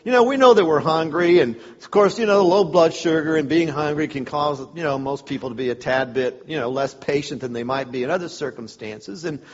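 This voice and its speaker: Brisk and barely pausing, a slightly high-voiced man entertains a men's church group with lively stories and sarcastic side comments. The recording has a dull quality and long reverb from the hall.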